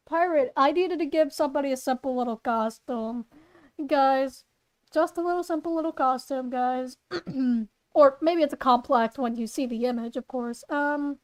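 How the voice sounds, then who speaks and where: A woman's voice: high voice, normal speed. A woman reading her story aloud in her room, rambling and playful, correcting herself as she goes. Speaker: fan fiction reader and voice actor. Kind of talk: casual reading with asides. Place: bedroom.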